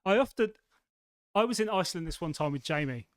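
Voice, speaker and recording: A man from England co-hosting a podcast, telling stories in a rambling, animated way. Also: high voice, a little fast, dry recording. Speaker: podcast co-host. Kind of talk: casual chat. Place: studio.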